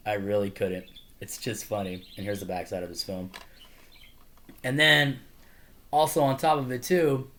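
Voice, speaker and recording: Casual male reviewer, mid pitch, loose and rambling delivery with fillers and laughs. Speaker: movie reviewer. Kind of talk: casual movie review monologue.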